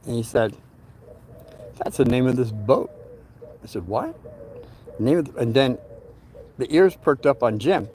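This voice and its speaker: A man's voice: mid-range voice, animated, normal speed, pauses often, darkish tone, slight background noise. An older man casually telling a personal story, rambling and often repeating words as he searches for them.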